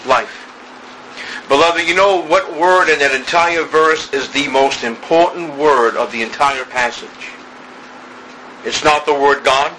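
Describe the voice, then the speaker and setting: A man preaching an evening sermon, slow and emphatic, building through repeated phrases. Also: on the high side, sharp tone, slight background noise, low-quality recording.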